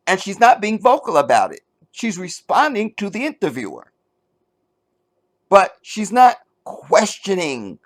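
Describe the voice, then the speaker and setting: A middle-aged man hosting a commentary show, reading an article aloud and mocking it with sarcasm, jumping between loud outbursts and low mutters. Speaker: commentary channel host.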